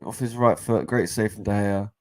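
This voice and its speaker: A young man giving casual live match commentary as a fan co-host, excitable and exasperated, with frequent restarts. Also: lowish voice, moderate pace. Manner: excitable and exasperated, swears, repeats and restarts phrases.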